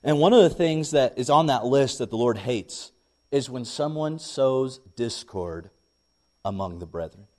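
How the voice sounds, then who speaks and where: A young man, a pastor, preaching a sermon and telling a lively personal story. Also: medium pitch, measured pace. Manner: animated storytelling, rising when excited.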